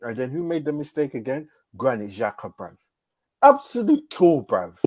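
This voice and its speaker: A man's voice: mid-range voice, huge pitch swings, moderate pace, darkish tone, no echo. A man co-hosting a podcast, arguing football in slangy, insistent talk. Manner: slangy, insistent, repeats "bruv". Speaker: podcast co-host. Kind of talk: heated football debate.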